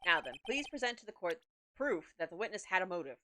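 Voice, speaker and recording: A woman's voice: fairly low pitch, very animated, fast talker, noisy background. A woman reading a plain older male judge. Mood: stern.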